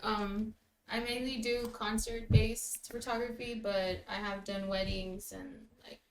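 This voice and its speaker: A woman's voice: medium pitch, steady tone, measured pace, a little hiss or hum, rough recording. A woman speaking as a guest on a podcast, in a casual, easygoing way.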